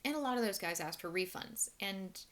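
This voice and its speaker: A woman's voice: mid-range voice, expressive, a little fast, fairly bright tone. A woman casually telling stories from her past work in a frank, wry, matter-of-fact way, chatty and full of restarts. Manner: chatty with many fillers and restarts. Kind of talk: casual monologue storytelling.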